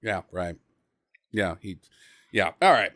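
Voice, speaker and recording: A man's voice: low-pitched, slow pace, no room sound, studio quality. A man co-hosting a podcast, riffing sarcastically on a bad movie in casual banter and acting out the scenes. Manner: animated, sarcastic, bursts of laughter. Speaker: podcast co-host.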